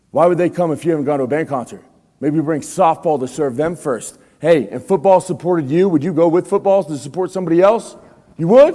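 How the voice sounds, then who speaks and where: A man's voice: fairly high pitch, a little mellow. A man giving a motivational talk to students, in a casual, slangy way, often quizzing the audience. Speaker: motivational speaker. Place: school room with students. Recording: long hall reverb.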